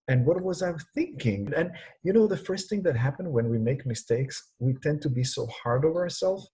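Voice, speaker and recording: A middle-aged man from Singapore, a guest in an interview, telling stories in a lively way and sometimes crying out sounds. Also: a little high, moderate pace, slightly rough, poor audio. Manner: animated, cries out sounds when telling stories. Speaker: interview guest, speaker on leadership. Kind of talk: conversational storytelling interview.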